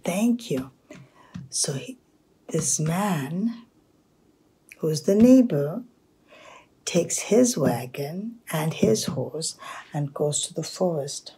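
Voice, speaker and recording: Woman storyteller, husky, hushed, unhurried. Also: deep voice, animated. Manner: hushed, half-whispered narration with pauses. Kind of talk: oral storytelling.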